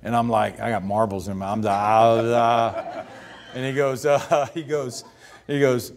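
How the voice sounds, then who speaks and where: Man, fifties, stage interview guest, animated storytelling, acts out voices. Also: mid-range voice, measured pace. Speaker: interview guest, retired pitcher.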